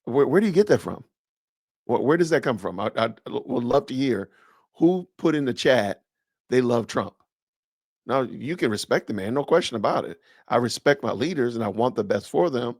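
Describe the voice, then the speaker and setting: A man's voice: mid-range voice, expressive, moderate pace, darkish tone, no room sound, studio quality. A man hosting a podcast, reacting to a clip with incredulous, sarcastic rhetorical questions. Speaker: podcast host. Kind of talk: reaction commentary.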